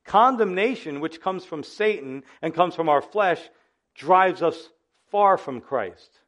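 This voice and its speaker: A male pastor preaching a sermon in an animated, conversational way, often speaking straight to his listeners. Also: fairly high pitch, slow.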